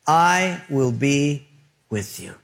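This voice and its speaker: A man voicing God as a calm, steady presence speaking slowly and reassuringly. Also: medium pitch, vocal fry, exaggerated voice. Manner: slow, soft, reassuring.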